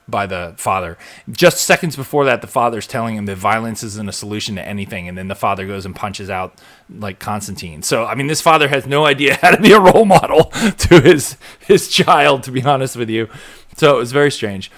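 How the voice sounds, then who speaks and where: A man's voice: medium pitch, moderate pace. A man hosting a live show, chatting casually and animatedly, acting out bits as he rambles. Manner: rambling, animated, acts out quotes. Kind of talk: casual live recap chat.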